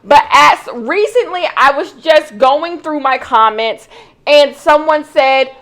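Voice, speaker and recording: A woman's voice: sits high, a little slow, a bit bright. A young woman giving casual commentary indoors, chatty and rambling with plenty of "like"s. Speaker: vlogger. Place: indoors at home.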